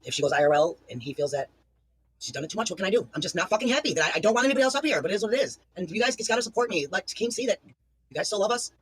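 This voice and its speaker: A woman's voice: medium pitch, animated, very fast, a little hiss or hum, rough recording. A woman co-hosting a livestream, talking in a heated, profane way and pleading with viewers. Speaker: livestream co-host. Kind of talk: livestream commentary.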